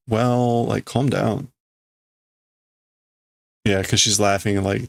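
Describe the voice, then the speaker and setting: A man hosting a casual livestream, reading Japanese manga lines aloud and translating them haltingly as he thinks out loud. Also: fairly low pitch, steady tone, gravelly, no echo.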